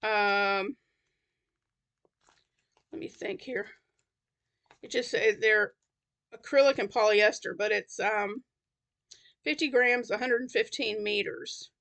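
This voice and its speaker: A woman's voice: medium pitch, takes it slowly, gravelly, pauses often, fairly bright tone. A woman chatting casually on her crochet vlog, rambling with lots of fillers and restarts, sounding tired. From Tennessee. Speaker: crochet vlogger. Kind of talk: casual chat.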